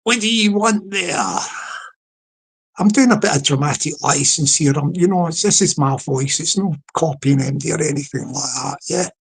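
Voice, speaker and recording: A man with a London accent talks through a late-night solo live stream, his voice sitting a little high and sounding husky. He rambles and restarts, breaking off to greet people in the chat as he spins a comic story. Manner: rambling, halting, with many restarts and asides to the chat; humorous storytelling.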